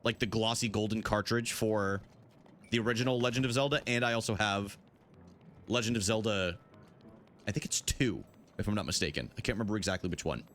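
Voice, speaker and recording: A man's voice: lowish voice, a little fast, a bit bright, slight background noise. A young man chatting casually with his live-stream chat while playing, swearing freely.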